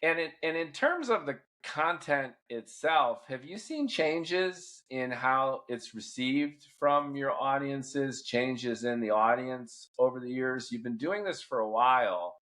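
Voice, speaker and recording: Measured middle-aged male podcast host. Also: mid-range voice, fairly bright tone. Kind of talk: interview questions and commentary.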